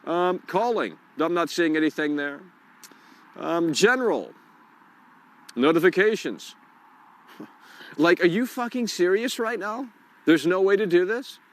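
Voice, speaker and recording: Annoyed guy cursing and grumbling on his live call-in stream, voice sitting a bit high, recorded outside. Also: expressive, a little slow, long pauses. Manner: irritable, swearing, frustrated muttering. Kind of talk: live-stream rant while fixing tech. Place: outdoors.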